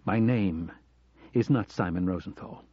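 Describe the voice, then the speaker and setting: A man voicing a middle-aged American professor who speaks in a quiet, earnest, confessional way. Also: deep voice, measured pace, husky, no room sound, pitched below the performer's own voice. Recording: dull lo-fi audio.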